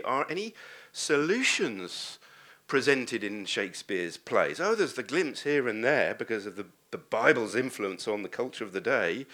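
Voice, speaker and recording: A man's voice: mid-range voice, fairly bright tone. A man preaching a sermon, earnest and posing rhetorical questions to the congregation.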